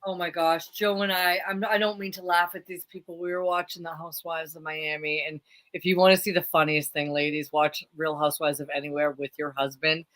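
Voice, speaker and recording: Woman co-host, middle-aged, bright voice, animated storyteller. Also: sits low, a little fast, few pauses. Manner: animated, laughs often, tells stories. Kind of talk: casual live chat.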